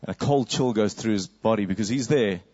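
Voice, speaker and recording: Dramatic storytelling preacher, lo-fi. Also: male voice, on the low side, normal speed, a little mellow. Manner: vivid storytelling, acting out crowd cries and whispers.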